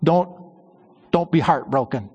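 A man preaching a sermon with strong emphasis, slowing on key words and dropping to a low hush at the ends of phrases. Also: animated, breathy edge, dull audio. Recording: long church reverb.

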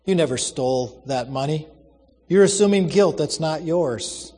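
A man's voice: on the high side, lively intonation, a little slow, dark tone, breathy edge, long reverb tail. A man voicing an earnest, urgent young woman. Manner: urgent, persuasive, pleading.

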